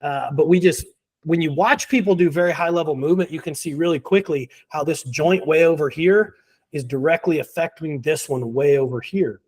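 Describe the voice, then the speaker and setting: A man's voice: a little high, normal speed, a little mellow. Confident man explaining pain. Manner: explanatory, confident, laughs between points. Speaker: physical therapy guest. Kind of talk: conversational interview.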